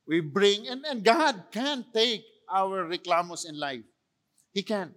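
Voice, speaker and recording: A man's voice: a little high, fairly bright tone. A man with a Filipino accent preaching a sermon as pastor, slipping into Tagalog phrases and lifting his voice when he quotes scripture. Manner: unhurried preaching, switching into Tagalog phrases, rising emphasis on quotes.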